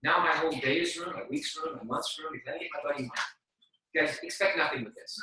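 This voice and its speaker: A man in his forties giving a motivational training talk to a group, energetic and slangy, acting out quotes as he goes. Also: fairly high pitch, fast, background noise. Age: 40s. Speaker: sales team trainer. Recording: very echoey room, mic at a distance.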